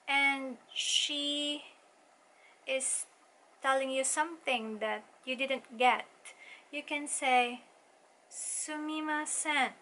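A woman with a high, bright voice walks viewers through useful travel phrases in an easygoing lesson. She speaks at an unhurried pace and says each phrase twice or three times so learners can follow along. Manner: repeats phrases slowly for learners. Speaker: vlogger teaching Japanese phrases. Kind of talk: casual language lesson. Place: lives in Japan.

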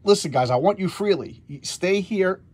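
A man's voice: high voice, expressive, moderate pace, a little mellow, voice pushed up. Man doing Mephisto, a pushy demon lord. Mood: insistent. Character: scheming male demon lord, insistent.

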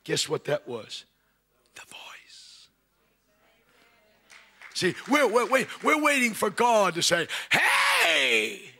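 Bright-voiced preacher swinging from shouts to whispers. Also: male voice, high-pitched, very animated, breathy edge. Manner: swings between loud shouts and hushed whispers; repeats himself in quick restarts. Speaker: pastor. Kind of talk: sermon. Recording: live from a church.

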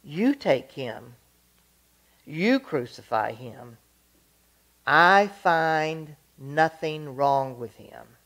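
A church reader voicing the Roman governor in a scripture reading, declaiming his lines loudly. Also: mid-range voice, expressive, extremely slow, pauses often, heavily acted. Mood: dismissive. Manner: declaiming, rising to loud proclamations. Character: Roman governor Pilate, stern and uneasy.

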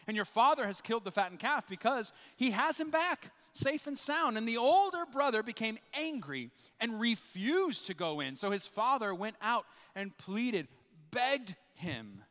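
A man preaching a sermon as pastor, telling the story with animated energy and acting out the people he quotes. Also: high-pitched, normal speed. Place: church sanctuary. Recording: reverberant church hall.

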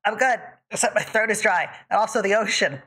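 A woman's voice: mid-range voice, fairly quick, a bit bright, breathy edge. A woman hosting a casual livestream chat, blunt and teasing, swearing freely. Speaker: streamer host.

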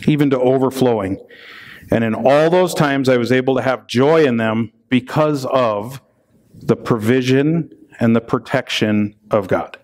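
A man preaching a sermon as a pastor in a conversational way, reading scripture and joking between passages, often checking in with "right?". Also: mid-range voice.

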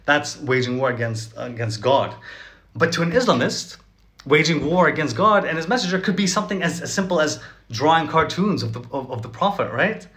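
A man's somewhat high voice, delivering casual vlog commentary. He talks with a sarcastic, chatty edge, peppering his points with "like" and "right?" and laughing often between them. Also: expressive, a little fast, fairly bright tone. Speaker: vlogger. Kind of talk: casual direct-to-camera commentary.

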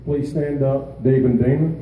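A man, a veteran and peer mentor, giving an emotional speech at an outdoor charity event, halting with pauses and fillers. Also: mid-range voice, steady tone, very echoey, far from the mic, background noise.

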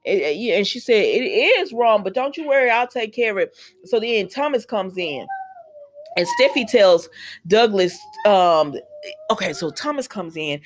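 A woman hosting a casual soap opera recap, chatty, retelling scenes with quick quoted voices and sassy asides. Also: medium pitch.

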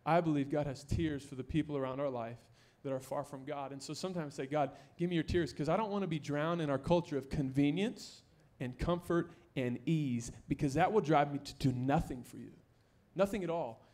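Energetic young male pastor preaching. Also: fairly high pitch, brisk. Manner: energetic, joking, rising to near-shouts for emphasis. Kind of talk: sermon. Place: church sanctuary.

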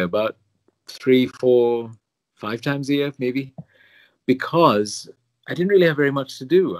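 Fairly low and a little mellow, with no echo, this man is a priest and pilgrimage chaplain from Singapore whose accent leans posh British. He recounts his life in an interview, punctuated by self-deprecating laughs.

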